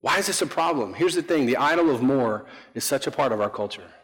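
A man's voice: mid-range voice, animated, fast talker, a bit bright. A man preaching a conversational sermon as pastor, joking about himself and throwing questions to the congregation. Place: church sanctuary. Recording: long hall reverb.

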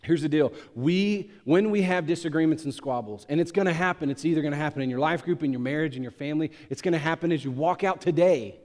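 A male pastor delivers an impassioned sermon in a slightly raised register. He rises to loud, emphatic peaks and then falls into quiet, low asides. His voice carries a long reverb from the church hall around him. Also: fast, few pauses.

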